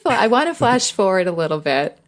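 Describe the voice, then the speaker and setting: A woman's voice: mid-range voice, sing-song, a little fast. A woman hosting a podcast interview, speaking in a friendly, casual way, laughing easily and asking open questions. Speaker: podcast host.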